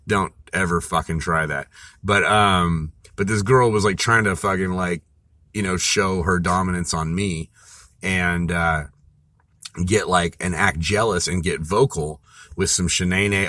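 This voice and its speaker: A man with a deep, low-pitched voice tells a rambling personal story in a loose, profane way, stacking fillers and restarts as he goes. His tone is bright and forceful, and the recording is dry and close, with little room sound. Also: steady tone, takes it slowly, no room sound. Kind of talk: casual storytelling monologue.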